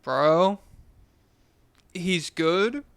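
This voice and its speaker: Young male podcast co-host, opinionated and animated, smooth voice, dry close sound. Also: high-pitched, drawn-out words, no room sound. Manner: opinionated, animated, swears casually. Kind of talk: casual sports chat.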